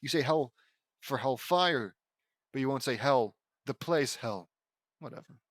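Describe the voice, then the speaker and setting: A man's voice: medium pitch, a little slow, fairly bright tone, no echo, clean studio sound. A young man reading fan fiction aloud and breaking off with sarcastic, bemused comments. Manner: sarcastic, riffing, stumbles and laughs at the text.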